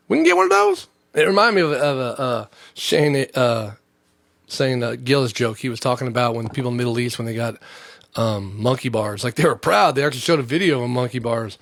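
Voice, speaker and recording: Gravelly man rambling through a comedy podcast. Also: medium pitch, dry recording. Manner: profane, rambling, jokey. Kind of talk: rambling solo podcast chat.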